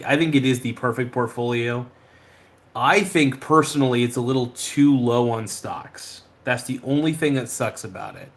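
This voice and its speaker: A man hosting a podcast, chatting casually and reading viewer comments in a rambling, laid-back way with frequent swearing. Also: medium pitch. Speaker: podcast host.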